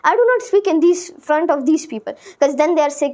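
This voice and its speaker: A woman English teacher chats casually to her class in a high voice. She talks loosely with lots of fillers and often speeds into very quick runs of words. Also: lively intonation, a little mellow. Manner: chatty, rushes into bursts of very fast speech. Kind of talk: casual spoken lesson.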